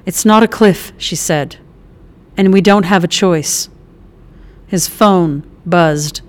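A woman's voice: fairly low pitch, slow. A woman reading a novel aloud as an audiobook narrator, lightly voicing the characters, with small restarts.

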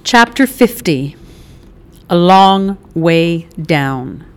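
Slow, low-voiced woman narrating a novel. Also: expressive, smooth. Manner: reads with small restarts, lightly voicing characters. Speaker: audiobook narrator. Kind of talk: scripted audiobook narration.

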